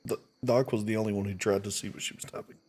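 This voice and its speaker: A man narrating a tabletop game as game master in a measured, unhurried way. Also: on the low side, steady tone, a little mellow, a little hiss or hum.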